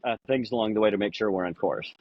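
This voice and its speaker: A man in a casual podcast conversation, rambling through anecdotes with lots of "you know" and acting out quoted lines in a higher voice. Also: fast talker, no room sound, lo-fi sound. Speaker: podcast guest.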